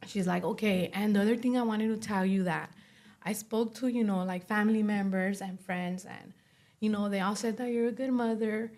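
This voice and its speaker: Young woman, guest on an interview, soft and halting, lots of "like" and "you know". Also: medium pitch, fairly even intonation. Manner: soft-spoken, many fillers like "you know" and "like". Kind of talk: emotional personal testimony.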